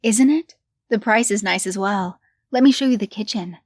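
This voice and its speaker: A woman voicing a brisk female real estate broker. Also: mid-range voice, a little mellow, no room sound, clean studio sound, lightly acted. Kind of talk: horror story reading.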